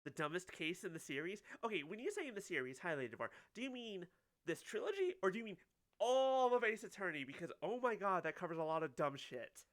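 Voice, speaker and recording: A man giving casual, chatty let's-play commentary and reacting excitedly to his chat. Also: high-pitched, fast. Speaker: streamer playing a game. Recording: clear background noise.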